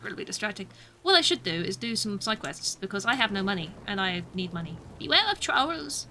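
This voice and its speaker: A woman's voice: mid-range voice, fast, pushed and bright, slight background noise. A young woman streaming a video game, chatting along with giggly, self-mocking asides. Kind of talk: live gameplay commentary.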